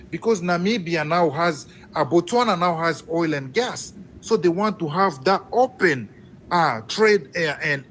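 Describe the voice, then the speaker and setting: A man from Congo, calling in to a live stream with impassioned, emphatic commentary. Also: sits high. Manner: fervent, emphatic, rising with excitement. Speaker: caller. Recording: faint background noise.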